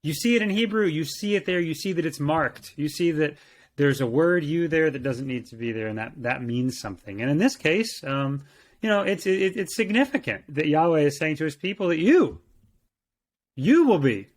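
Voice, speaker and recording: A man's voice: a little high, expressive, normal speed. A man co-hosting a Bible language lesson, speaking thoughtfully and repeating words as he searches for phrasing. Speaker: co-host and teacher. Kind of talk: conversational teaching.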